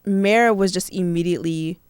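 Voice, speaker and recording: A woman's voice: on the low side, normal speed, a little mellow, smooth, no room sound, clean studio sound. A woman co-hosting a podcast, chatting casually and expressively, laughing easily. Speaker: podcast co-host. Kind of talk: casual chat.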